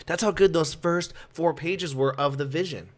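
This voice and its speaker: A young man giving casual commentary as a comic book reviewer, ranting in an exasperated, animated way. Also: fairly high pitch, moderate pace.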